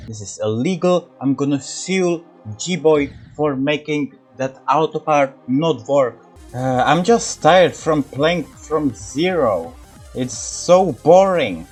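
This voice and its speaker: A man giving casual commentary over his own gameplay, exasperated and swearing often. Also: a little high.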